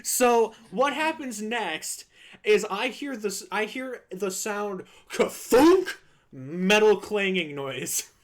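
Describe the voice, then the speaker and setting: Brief: male streamer with a high voice, animated storyteller, swears a lot. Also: slow pace.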